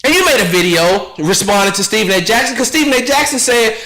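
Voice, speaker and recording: A man's voice: sits high, animated, moderate pace, pushed and bright, echoey room, poor audio. A male radio host giving an impassioned commentary, fiery and rhetorical, repeating phrases for emphasis. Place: radio studio.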